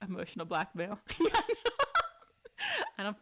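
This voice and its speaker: A woman's voice: fairly low pitch, steady tone, normal speed. Woman, streamer, home room, chatty, giggly, sarcastic. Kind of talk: live game playthrough with commentary.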